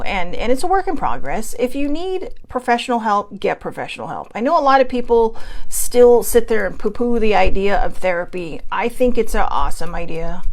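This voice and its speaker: A woman's voice: medium pitch, vocal fry. A woman hosting a casual livestream, chatting in a rambling, self-deprecating way from home. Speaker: host.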